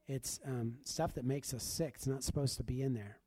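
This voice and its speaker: A man's voice: medium pitch, moderate pace, no room sound. A man sharing a personal testimony in the manner of a preacher, telling the story with animation and acting out the dialogue. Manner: animated, acts out quoted dialogue.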